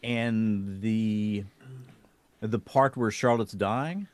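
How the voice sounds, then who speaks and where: A man's voice: lowish voice, very slow. A man co-hosting a podcast in casual chat, tender-hearted and easily moved. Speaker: podcast co-host.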